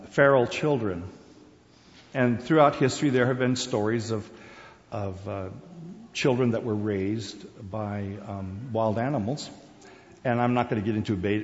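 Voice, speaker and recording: Man raised in Asia, relaxed rambling talk to a group, long hall reverb, muffled sound. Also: on the low side. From Korea, Borneo and Singapore. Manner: rambling, conversational, with many fillers and restarts. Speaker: speaker. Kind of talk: informal personal talk.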